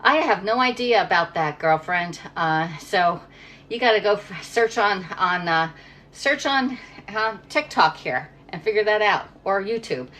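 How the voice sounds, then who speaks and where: A woman's voice: mid-range voice, lively intonation, measured pace, a bit bright. A middle-aged woman from Pennsylvania chatting casually while cooking in her home kitchen, rambling and reading viewer comments aloud. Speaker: livestream cooking host.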